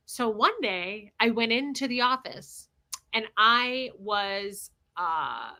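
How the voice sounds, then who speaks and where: A woman hosting a livestream, telling a personal story in a candid, blunt, animated way. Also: mid-range voice. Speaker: livestream host.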